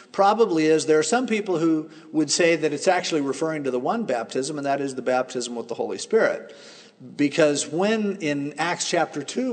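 Conversational male pastor in an echoing hall. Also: a little high. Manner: conversational, explains scripture in plain everyday terms. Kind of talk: expository sermon. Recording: long reverb of a large hall.

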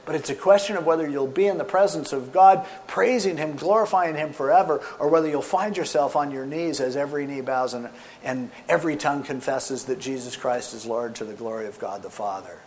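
A man preaching a sermon with animated storytelling, swinging between loud emphasis and soft asides. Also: medium pitch, brisk, few pauses. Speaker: pastor.

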